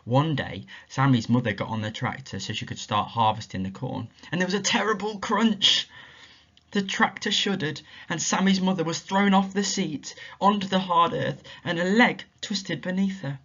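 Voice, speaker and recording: Man teacher telling a story to schoolchildren, expressive, lo-fi muffled recording. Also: a little high, normal speed. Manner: expressive, asks the children questions.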